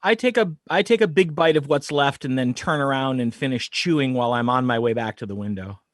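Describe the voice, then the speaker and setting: A man's voice: mid-range voice, fairly quick, dry recording, studio quality. A man playing a tabletop game, describing his moves with gleeful, gory relish. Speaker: player. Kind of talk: tabletop role-play chat.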